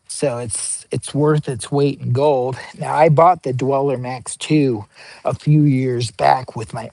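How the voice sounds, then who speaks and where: A man's voice: medium pitch, gravelly, darkish tone, dry recording. A man talking casually in a rambling, goofy, slangy product review vlog, outdoors at camp. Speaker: vlogger. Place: camping outdoors.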